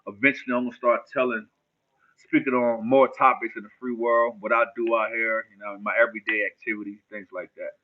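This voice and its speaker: A man's voice: medium pitch, flat delivery, fairly quick. A man from New Jersey hosts a loose, casual livestream, trading street slang with his viewers. The sound is narrow and tinny, like it is coming down a phone line. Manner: laid-back street slang, answers chat questions. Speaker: livestream host.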